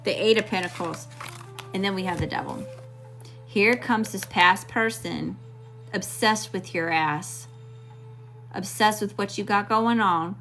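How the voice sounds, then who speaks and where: Southern woman tarot reader, blunt and slangy, mid-pitched, faint music behind. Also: measured pace, long pauses, a bit bright. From Mississippi, US. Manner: blunt, slangy, talks straight to viewers. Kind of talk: live tarot reading.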